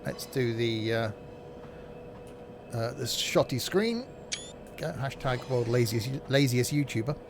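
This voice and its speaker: A man offers casual commentary while playing a train simulator, chatty and self-mocking and quick to get exasperated. His voice is medium-pitched and animated, with background noise behind him.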